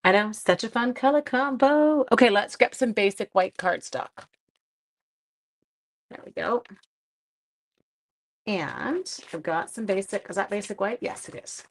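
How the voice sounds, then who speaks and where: A woman with a mid-range voice hosts a live card-stamping tutorial, chatting and responding to viewer comments while she works in a chatty, self-deprecating way. She speaks a bit slowly, with long pauses.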